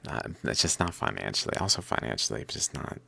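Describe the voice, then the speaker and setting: A man's voice: very deep voice, big pitch swings, brisk, creaky, pushed and bright, breathy edge. A man talking to himself in a loose, rambling monologue, swearing and laughing now and then. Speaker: vlogger.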